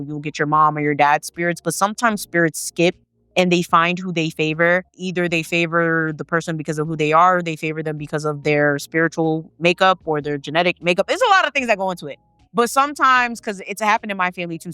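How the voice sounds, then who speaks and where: A woman's voice: low voice, pushed and bright, smooth, no room sound. A woman hosting a storytelling channel, reading viewer stories aloud and breaking off for chatty, slangy asides. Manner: chatty, slangy asides between read passages.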